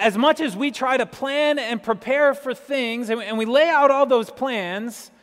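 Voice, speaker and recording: High-voiced preacher man, chatty. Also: fairly bright tone. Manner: chatty, asks listeners questions. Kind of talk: conversational sermon. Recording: long hall reverb.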